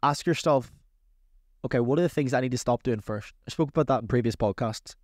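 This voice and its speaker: A man hosting a casual advice podcast as a coach, talking in an energetic, chatty, motivational way. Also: mid-range voice, brisk, no echo, clean studio sound.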